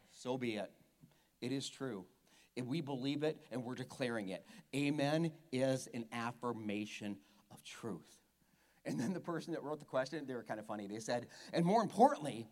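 A pastor in a church, preaching with a playful, teasing edge. His voice sits high for a man and jumps all over the place as he jokes with the congregation. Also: animated, normal speed, a bit bright. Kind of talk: sermon. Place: church hall with a live congregation.

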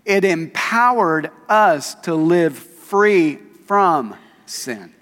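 A man's voice: fairly high pitch, animated, drawn-out words, fairly bright tone. Man preaching in a reverberant church. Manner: conversational, reads scripture aloud and asks the congregation questions. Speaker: pastor. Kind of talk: sermon. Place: church sanctuary. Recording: long reverb of a church hall.

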